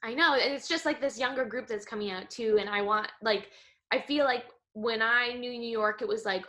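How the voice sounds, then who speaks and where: A young woman in her twenties talks with an excited, tumbling rhythm, restarting her sentences and filling them with little fillers. Her voice is bright and forward, sitting in a middle register for a woman. It sounds like relaxed interview chat. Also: mid-range voice, normal speed. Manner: animated, tumbling restarts and frequent "like". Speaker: guest, Broadway performer and dancer.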